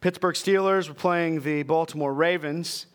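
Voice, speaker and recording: A man's voice: on the high side, fairly even intonation, normal speed, clear, resonant tone. A man preaching a sermon from Texas, reading scripture aloud and then explaining it earnestly to his congregation. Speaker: pastor.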